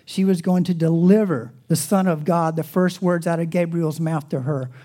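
Mellow-voiced pastor preaching expressively. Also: male voice, a little high, normal speed. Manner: expressive, swings between loud emphasis and hushed near-whispers; soft, reverent prayer. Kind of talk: sermon.

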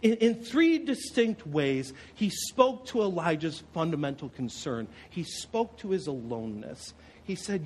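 A man preaching a sermon to a congregation, expressive, with rhetorical questions and dramatic pauses. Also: on the high side, slight background noise, poor audio. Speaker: pastor.

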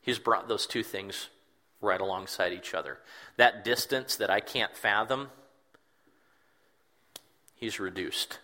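A man's voice: lowish voice, slow pace, long pauses, sharp tone. A man preaching a sermon in an earnest, reflective way, repeating words for emphasis. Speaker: pastor.

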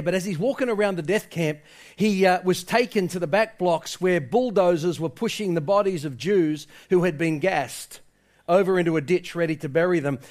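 A man with a notably high voice preaches a sermon from the pulpit. He tells a story with rising passion, then presses his point home to the congregation. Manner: impassioned storytelling, quoting people in his tale. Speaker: pastor.

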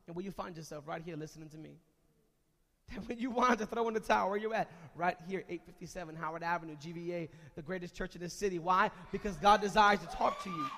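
A man preaching a sermon as pastor of a church, moving between quiet talk and shouted calls to the congregation. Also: high-pitched, big-room sound. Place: church sanctuary.

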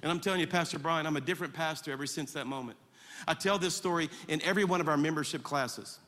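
Brief: male pastor, high bright voice, emphatic storytelling sermon, long hall reverb. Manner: animated, emphatic storytelling with rapid repetitions. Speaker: guest pastor.

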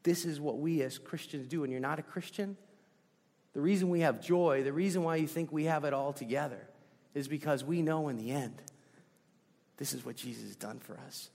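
Male pastor, sermon, emphatic then hushed, gravelly, slightly high, long church reverb. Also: normal speed. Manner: emphatic, switches to a soft hush for key lines. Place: church sanctuary.

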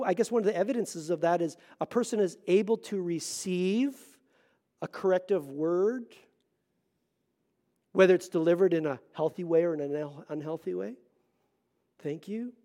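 High-voiced earnest male pastor preaching. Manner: earnest, swings between loud emphasis and hushed asides. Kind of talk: sermon.

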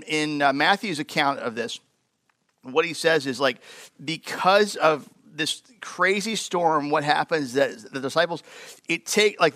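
A man preaching a sermon to his church in a conversational, animated way with lots of fillers. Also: a little high, no room sound. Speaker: pastor.

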